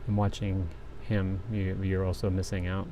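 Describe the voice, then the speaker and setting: Man, low voice, mellow tone, rambling chat while cross-stitching, faint background hiss. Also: monotone, moderate pace. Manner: rambling, restarts, talks while working thread. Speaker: livestream host. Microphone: desk microphone.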